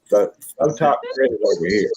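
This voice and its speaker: A man's voice: fairly low pitch, expressive, moderate pace, warm tone, slightly rough, rough recording. A man chatting on a livestream in a friendly, rambling, teasing way. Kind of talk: casual livestream chat.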